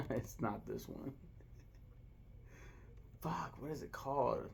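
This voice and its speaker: Gravelly young man rambling and swearing. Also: mid-range voice, slow pace, long pauses, slight background noise. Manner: rambling, profane, searches aloud for names. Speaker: vlogger. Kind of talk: casual food ranking vlog.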